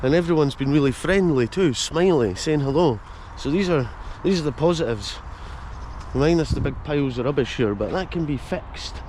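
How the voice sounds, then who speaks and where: A man's voice: on the high side, animated, moderate pace, a little mellow, a little hiss or hum. A Scottish man hosting a casual walking vlog through village streets, chatting to viewers with jokey asides. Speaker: vlogger and host. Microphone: handheld camera mic.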